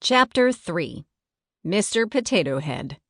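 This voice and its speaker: A woman narrating a children's audiobook in a clear, expressive storytelling manner, on a close studio mic. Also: lowish voice, slow pace, no echo.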